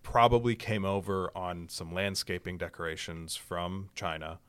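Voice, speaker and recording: A young man co-hosts a casual political podcast in playful, teasing banter. His voice sits very low. The sound is dry and close-miked. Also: fairly even intonation, moderate pace, smooth, dry recording. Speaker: podcast co-host.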